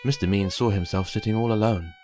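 Guy reading a kids storybook out loud, lowish voice, soft music under it. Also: brisk. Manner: gentle, expressive storytelling. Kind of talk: children's book read aloud. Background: faint background music.

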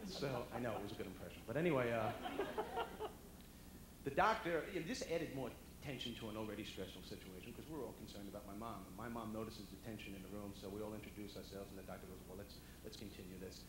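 A male comedian telling animated stand-up stories to a dinner audience, often jumping into loud character voices. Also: fairly low pitch, quick pace. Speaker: comedian and motivational speaker. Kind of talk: stand-up storytelling. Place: banquet hall before a dinner audience. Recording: echoey hall with audience noise.

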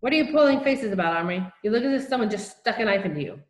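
A man's voice: high-pitched, lively intonation, very fast, roomy sound. A woman voicing a stern, sarcastic male headmaster who scolds sharply, in a storybook reading.

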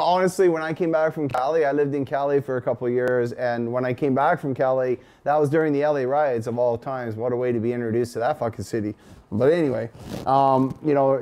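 A man's voice: mid-range voice, warm tone. A man in his forties with a Canadian accent, hosting a casual, profane, rambling livestream chat. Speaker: host.

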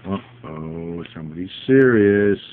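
A man's voice: low-pitched, animated, measured pace. A man at home talks to his dogs in a playful, teasing baby-talk voice that swoops up and down. The sound is thin and tinny, like a phone camera, with a faint hiss behind him. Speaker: pet owner filming his dog. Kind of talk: casual home video talking to pets.

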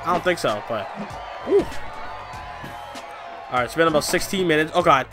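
A young man commentates a wrestling video game with loud, crude, excitable trash talk. His voice sits high and bright, with a tense edge that leaps around his range. Faint game music plays behind him. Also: a little slow, some chatter behind. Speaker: gameplay commentator. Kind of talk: let's play commentary.

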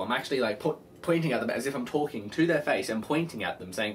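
A young man vlogging from his bedroom in a casual rambling monologue, animated, swearing a lot and acting out the voices of phone calls. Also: mid-range voice, fast talker, few pauses, slight background noise.

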